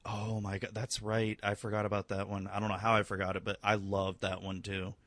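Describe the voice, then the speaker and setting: A man's voice: on the low side, completely flat delivery, brisk, a bit bright, no room sound. A young man in casual chat, rambling with lots of fillers and swearing freely. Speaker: conversation partner.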